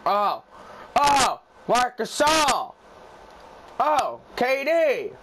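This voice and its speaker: A young man commentating his own basketball video game play, swearing a lot, shouting when shots go in and muttering low between them. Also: huge pitch swings, very slow. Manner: loud, profane, hyped shouting at plays, then low muttering. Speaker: gaming YouTuber. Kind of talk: excited gameplay commentary.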